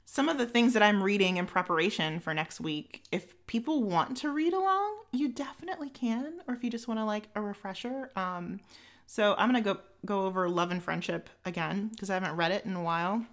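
A woman's voice: medium pitch, fairly quick, a bit bright. A young woman co-hosting a podcast in casual chat, talking in a rambling way with lots of fillers and restarts. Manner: chatty, filler-heavy, frequent restarts. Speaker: podcast co-host.

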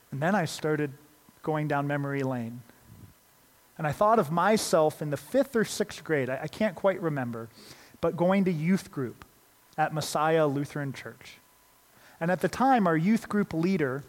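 A man's voice: on the high side, in a large hall. A male pastor giving a sermon, telling a story from his youth and acting out the voices in it. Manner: animated, acts out quoted voices in the story.

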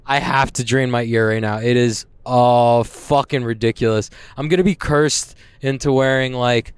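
A man's voice: medium pitch, fairly even intonation, moderate pace, clean tone, dry recording. A young man ranting casually to the camera, agitated and profane, rambling about his own troubles. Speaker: vlogger.

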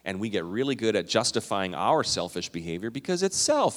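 Man, pastor, from Minnesota and Canada, sermon, conversational, lively pitch, long hall reverb. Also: a little fast. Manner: animated, conversational, swinging between loud emphasis and quiet asides.

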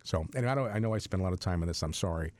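A man hosting a Catholic radio show, making an earnest, excitable on-air fundraising appeal with frequent restarts. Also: low voice, rapid-fire, dry recording, clean studio sound.

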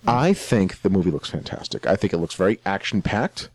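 A man's voice: deep voice, sing-song, a little fast, a little mellow. A man co-hosting a casual podcast chat, joking and mock-earnest as he talks through upcoming films. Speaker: podcast co-host.

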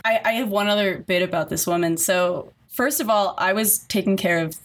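A woman's voice: fairly low pitch, moderate pace. A young adult woman, a caregiver, telling stories in casual chat, rambling with lots of fillers and frequent laughs.

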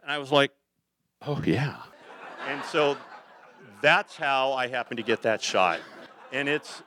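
An older man, a photographer, telling lively rambling anecdotes to a live audience, slipping into acted quotes. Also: medium pitch, measured pace, noisy background.

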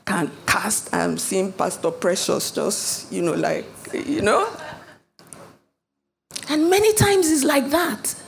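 A woman's voice: medium pitch, slow, vocal fry, a little hiss or hum. A woman pastor delivering a sermon, preaching emphatically and building up to dramatic rises.

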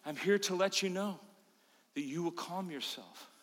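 A man's voice: high voice, normal speed. A man voicing a solemn female angel who speaks in old-fashioned proclaiming words. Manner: archaic, proclaiming. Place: church. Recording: long church reverb.

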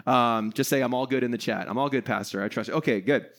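A man's voice: medium pitch, fast. A middle-aged man preaching a casual sermon to an online audience, chatty and self-deprecating, acting out little scenes along the way. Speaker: pastor.

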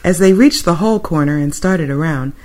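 A podcast co-host taking turns reading a rhyming holiday poem aloud, with expressive delivery that drops low for the narration tags. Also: normal speed.

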